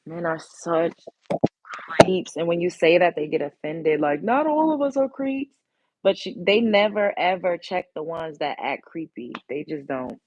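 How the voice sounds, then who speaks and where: A woman's voice: sits low, measured pace, a little mellow, dry recording, dull audio. A woman hosting a casual live stream, chatting bluntly with viewers and swearing freely. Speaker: livestream host. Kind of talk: casual live-stream chat reading comments.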